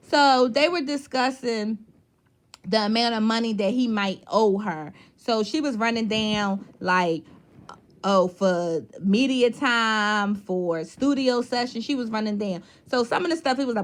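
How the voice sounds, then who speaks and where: A woman's voice: on the high side, a little slow. Woman recap host; blunt, cussing, exasperated. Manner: blunt, profane, exasperated ranting. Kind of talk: casual recap commentary.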